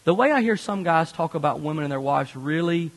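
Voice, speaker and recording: A married male pastor gives a lively, conversational sermon with a fairly high voice. His words carry a long, ringing reverb from a large church hall. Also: brisk. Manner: animated, conversational preaching.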